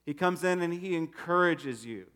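Animated conversational male pastor preaching. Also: a little high, normal speed. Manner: conversational, animated with acted-out quotes. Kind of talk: sermon.

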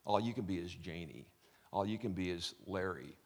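A man's voice: deep voice, moderate pace, a little mellow. A middle-aged man preaching a chatty, joking sermon as pastor, with many restarts.

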